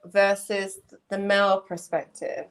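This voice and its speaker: A woman's voice: mid-range voice, fairly even intonation, measured pace, clean tone. A woman with an English accent talking on a panel, passionate and emphatic, slipping into quoted voices as she argues. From England. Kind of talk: heated casual discussion.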